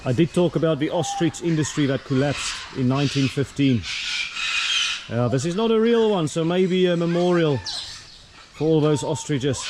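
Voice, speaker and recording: A middle-aged man, vlogging casually on a walking tour and cooing at the birds in a sing-song voice as he goes. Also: moderate pace. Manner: chatty, coos at birds in a high sing-song voice. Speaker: travel vlogger. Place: outdoor bird park. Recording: outdoor clip with loud bird noise.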